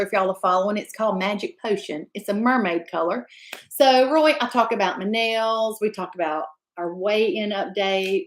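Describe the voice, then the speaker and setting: A woman's voice: medium pitch, reverberant. A woman, hosting a casual live stream and chatting effusively as she greets viewers by name. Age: 50s. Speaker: livestream host.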